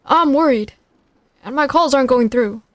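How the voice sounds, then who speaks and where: A nervous man confessing and apologizing in hesitant bursts, as a woman reads him. The voice is high, with a dry, close sound. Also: moderate pace, no room sound, close to an everyday voice. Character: anxious, guilty middle-aged man.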